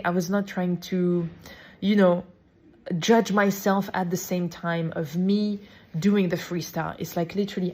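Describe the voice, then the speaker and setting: A lively woman with a French accent, talking through her thoughts in a relaxed podcast monologue. Her voice sits a bit low for a woman. She swears casually and slips into French expressions mid-sentence. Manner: energetic, swears freely, drops French phrases. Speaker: podcast host.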